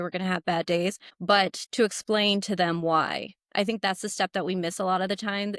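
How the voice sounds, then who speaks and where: A woman's voice: fairly low pitch, fairly bright tone, dry recording, studio quality. A woman, a gymnastics coach speaking earnestly in a podcast discussion.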